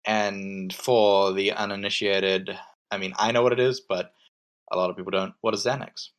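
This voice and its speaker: A man's voice: fairly low pitch, flat delivery, moderate pace, a bit bright. A man from Australia, co-hosting a casual podcast and rambling animatedly while laughing easily. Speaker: podcast co-host. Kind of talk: casual chat.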